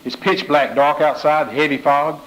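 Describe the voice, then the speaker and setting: A man's voice: on the high side, fairly even intonation, normal speed, a bit bright, rough recording. A man giving a motivational speech, telling folksy stories and repeating his key phrases. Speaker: motivational speaker.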